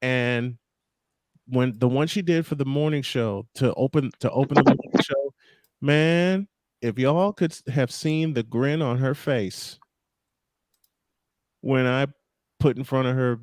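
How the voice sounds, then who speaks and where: A man's voice: medium pitch, measured pace, a little mellow, dry recording. Laughing man telling studio stories. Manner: laughing, storytelling, repeats himself. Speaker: show host. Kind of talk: casual podcast chat.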